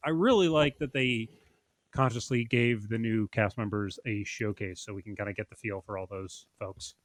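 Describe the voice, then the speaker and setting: A man co-hosting a podcast in casual chat, laughing easily and filling pauses with ums as he reads listener comments. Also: on the low side, no echo. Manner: chatty, laughing easily, halting fillers. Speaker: podcast co-host.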